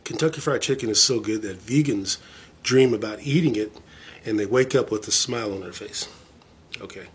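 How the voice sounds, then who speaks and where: A man with a lowish voice talks to his viewers in a loose, rambling vlog style. He sounds eager and pokes fun at himself. A faint hiss of noise sits under the recording. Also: moderate pace. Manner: rambling, enthusiastic, self-deprecating. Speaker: vlogger showing his record collection. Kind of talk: casual chat to camera.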